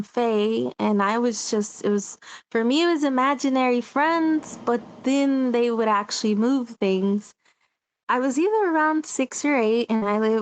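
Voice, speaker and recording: A woman from Mexico, an interview guest, telling a story casually, rambling with many fillers. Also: a little high.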